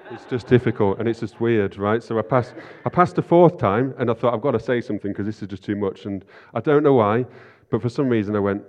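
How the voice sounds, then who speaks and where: A man's voice: fairly low pitch, fast, hardly any pauses, darkish tone. A man preaching an informal sermon, chatty and self-deprecating, often asking "right?". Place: church hall. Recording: lo-fi sound in a reverberant hall.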